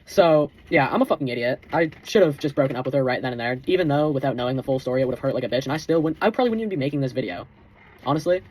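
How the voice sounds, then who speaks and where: A man's voice: mid-range voice, rapid-fire, a little mellow. A young man telling a personal story in a rambling, profane, heated vlog rant. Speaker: vlogger.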